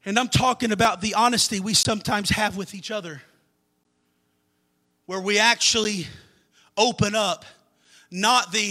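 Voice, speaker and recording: A man preaching a sermon as a pastor, impassioned, swinging between shouted climaxes and hushed, quiet passages. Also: sits high, steady tone, unhurried, pauses often.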